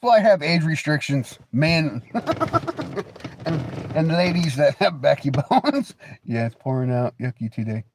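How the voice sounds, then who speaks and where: A man's voice: fairly high pitch, sing-song, measured pace, noisy background. A man hosting a casual livestream, rambling, joking, laughing often and teasing viewers with crude banter. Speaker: livestream host.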